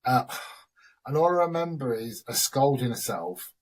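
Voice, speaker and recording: A middle-aged man from the with a husky, slightly breathy voice. He rambles through his stories in a loose, chatty way and is quick to laugh. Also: mid-range voice, very animated. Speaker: host. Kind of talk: casual chat.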